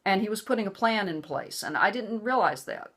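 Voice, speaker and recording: A woman's voice: mid-range voice, animated, fairly quick. A middle-aged woman telling a personal story to camera, earnest and emphatic, giving lecturing advice. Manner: acts out quoted voices, hushed and soothing or raised and angry. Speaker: vlogger.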